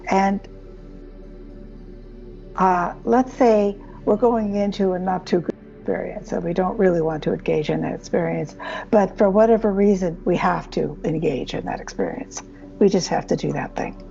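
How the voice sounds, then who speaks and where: A woman hosting a casual spiritual conversation, speaking slowly and acting out inner voices as she explains. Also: lowish voice, creaky, dull audio, soft background music. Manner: slow, expressive, acts out inner voices. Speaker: spiritual channeler and host.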